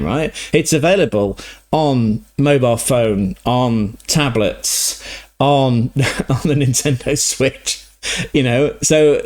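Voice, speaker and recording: A man hosts a loose reaction video, talking over a trailer in a casual, animated way. He swears freely, laughs in the middle of his sentences and keeps tossing in "right?" at mid pitch.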